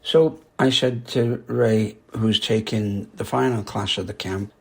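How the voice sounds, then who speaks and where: Gravelly older man telling stories. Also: lowish voice, fairly even intonation, a little slow. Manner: chatty, rambling, laughs at his own stories. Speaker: karate instructor and podcast host. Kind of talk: casual anecdotal storytelling.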